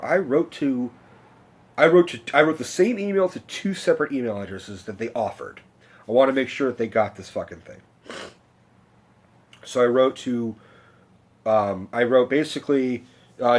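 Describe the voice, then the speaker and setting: Rambling, profane young man vlogging. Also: medium pitch. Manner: rambling, profane, self-interrupting. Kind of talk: rambling personal vlog.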